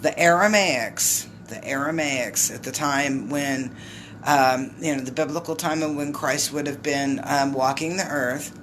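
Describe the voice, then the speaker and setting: A woman's voice: very deep voice, unhurried, background noise. A middle-aged woman, an intuitive card reader, chatting casually and rambling through a live card reading while greeting viewers.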